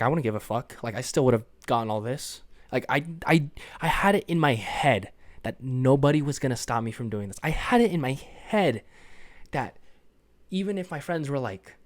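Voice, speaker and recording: A man's voice: medium pitch, expressive, normal speed, dry recording. A tired young man hosting his own podcast, rambling in casual chat, swearing freely and apologizing for himself. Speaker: podcast host.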